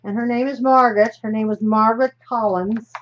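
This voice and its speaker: A woman's voice: a little high, steady tone, a little fast. A woman from the United States hosting a live stream while she crafts, talking in a chatty, rambling way that often trails off mid-sentence. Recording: slightly dull, faint hiss.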